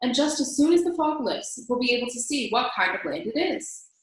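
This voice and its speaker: A woman doing an eager little boy, high and earnest. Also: lively intonation, fairly quick, lightly acted. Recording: very echoey room.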